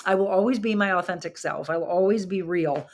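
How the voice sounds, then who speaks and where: Hosting a live talk show in a studio with flowers behind her, a woman chats with viewers and reads their comments aloud. She speaks in a lowish voice at a fairly quick pace.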